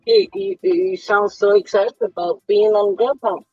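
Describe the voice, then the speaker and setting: A woman's voice: mid-range voice, animated, unhurried, a little mellow, no echo, soft background music. Blunt woman in a lo-fi recording. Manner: blunt, short remarks. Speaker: delivery driver. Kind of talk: casual chat.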